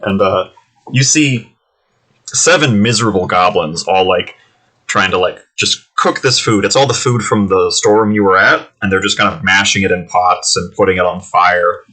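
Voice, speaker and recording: A man's voice: sits low, normal speed, pushed and bright. A man narrating as game master of a tabletop game, loose and full of fillers.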